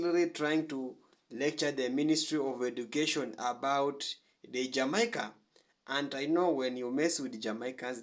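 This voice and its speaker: A man hosting a reaction channel, giving earnest commentary from Africa with frequent hesitations and fillers. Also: medium pitch.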